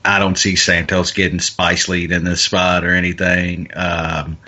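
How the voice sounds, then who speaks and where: A man co-hosting a podcast talks casually about MMA fights and bets in a low, sharp voice with little pitch movement and a slightly slow pace. The recording has its highs cut off. He sounds hesitant, restarting often and stammering repeated words.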